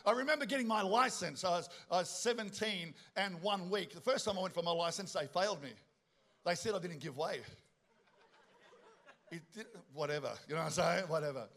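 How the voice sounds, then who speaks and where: Middle-aged man, high-pitched, lively joking preacher working the room. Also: fast talker. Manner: animated, joking storyteller with asides to the congregation. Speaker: pastor. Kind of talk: sermon.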